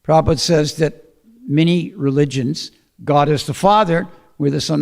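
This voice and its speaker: Gravelly man telling a sacred story. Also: on the high side, normal speed. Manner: conversational, with frequent fillers and throat clearing. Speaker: speaker giving a scripture talk. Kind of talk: storytelling sermon.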